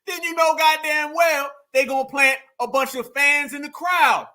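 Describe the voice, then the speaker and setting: High bright-voiced male commentator. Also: steady tone, moderate pace. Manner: emphatic, repetitive, addresses viewers as family. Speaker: political commentator. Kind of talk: reaction commentary on video clips.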